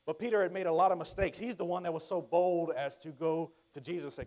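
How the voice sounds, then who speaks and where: A man preaching a sermon in a conversational way, swinging from hushed, quiet lines to loud, emphatic ones. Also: on the high side, quick pace, few pauses.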